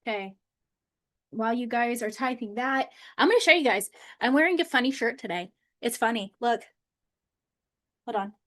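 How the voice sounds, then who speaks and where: A woman's voice: fairly high pitch, expressive, normal speed, long pauses, fairly bright tone. A woman coach chatting casually on a live stream from her home office, bubbly and loose, with lots of "like" fillers. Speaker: manifestation coach.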